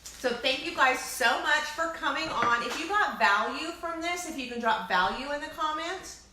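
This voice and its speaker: A woman's voice: high voice, moderate pace. A woman co-hosting a casual live cooking stream from a home kitchen, talking chattily and directly to her viewers. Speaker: co-host of a cooking livestream. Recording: echoey room with steady noise.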